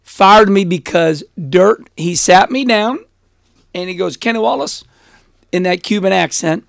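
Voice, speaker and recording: A middle-aged man recounts his past in a casual podcast interview. His voice sits high with a gravelly fry. He talks bluntly and animatedly, and the sound is close and dry. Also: unhurried, dry recording. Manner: animated, blunt, laughs often. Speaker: interview guest, former race car driver.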